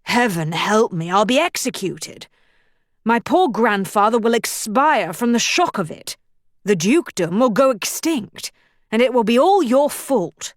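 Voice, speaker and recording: A woman voicing a young British gentleman, a future duke, who protests with teasing, mock-dramatic exasperation. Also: on the high side, sing-song, measured pace, dry recording, studio quality. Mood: mock-despairing.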